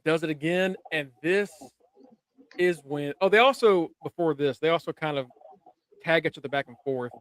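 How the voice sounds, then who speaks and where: A man casually recapping a TV episode, animated, swearing and laughing as he retells scenes. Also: on the high side, normal speed. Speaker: podcast co-host. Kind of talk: casual review chat.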